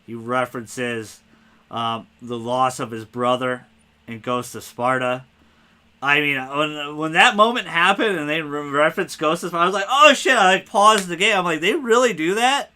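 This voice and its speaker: A man hosting a casual spoiler podcast, talking excitedly and rambling, cursing freely. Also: on the high side, normal speed, smooth. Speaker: podcast host.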